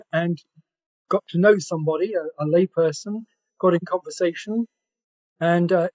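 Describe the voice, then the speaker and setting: High-voiced southern English man, lo-fi. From Essex, England. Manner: measured storytelling, occasional throat clearing. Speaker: panelist. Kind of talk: anecdotal panel reflection. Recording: dull lo-fi audio.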